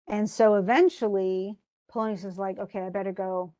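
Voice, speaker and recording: Woman teacher, casual, paraphrases a play's lines in loose everyday speech, mid-pitched. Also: steady tone, brisk, mellow. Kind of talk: casual lesson, retelling a play.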